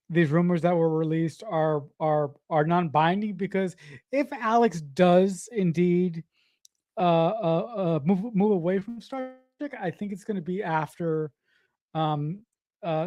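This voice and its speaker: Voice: medium pitch, a little mellow, no echo, studio quality. A podcast co-host in casual chat who agrees readily, laughs often and hesitates with many fillers.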